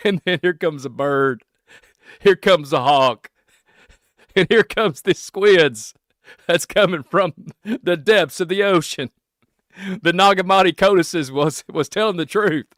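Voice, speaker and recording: Man, Kentucky accent, solo podcast host, rambling, excitable, laughs a lot, fairly high voice, dry sound. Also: takes it slowly, long pauses, no room sound. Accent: Kentucky Southern American. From Kentucky, USA.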